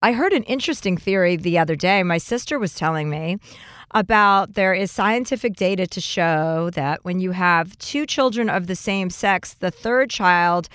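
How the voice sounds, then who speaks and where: A woman podcast host in her forties chatting casually and joking with animated asides. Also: fairly low pitch, clean tone, no room sound, clean studio sound. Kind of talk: casual chat and ad reads.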